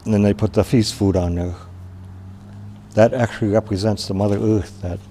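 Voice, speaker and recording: A man from Wisconsin telling a traditional story in an unhurried, plain-spoken way, with pauses and restarts. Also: fairly low pitch, steady tone, dark tone, a little hiss or hum.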